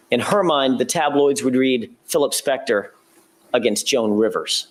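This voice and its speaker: Medium-pitched, a man speaks as prosecutor in a courtroom opening statement. His account of the events is measured and methodical, with an occasional self-correction.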